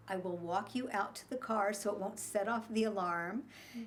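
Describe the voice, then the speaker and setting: A woman who survived a wildfire, quietly recounting what happened with halting pauses. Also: mid-range voice, slight background noise. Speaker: fire survivor interviewee. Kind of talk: personal storytelling.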